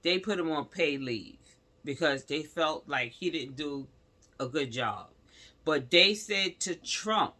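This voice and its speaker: A man's voice: on the high side, expressive, takes it slowly, pushed and bright. A man giving casual spoken commentary to his viewers, talkative and calling them y'all. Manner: talkative, addresses viewers as y'all, growing heated. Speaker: vlogger.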